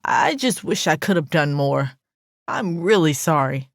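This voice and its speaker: A man's voice: on the high side, lively intonation, measured pace, no echo, clean studio sound. A narrator doing a fretful apologetic neighbor man. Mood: worried. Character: anxious, apologetic older male neighbor.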